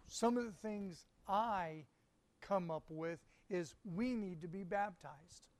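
A man delivering a sermon in a high voice. He takes his time, pausing for emphasis as he reads scripture and explains it to the congregation. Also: darkish tone. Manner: slow, deliberate preaching with emphatic pauses. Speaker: preacher.

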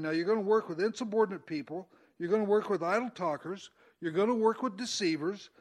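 Preacher, male, high-pitched, casual Bible-study delivery, leans into quoted verses. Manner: conversational, folksy, rising emphasis on quoted verses. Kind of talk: informal Bible teaching.

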